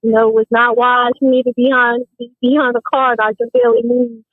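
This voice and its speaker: A woman's voice: on the high side, flat delivery, fast, dry recording. A woman calling in to a casual chat, speaking earnestly and stumbling over repeated words. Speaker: caller. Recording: tinny phone line.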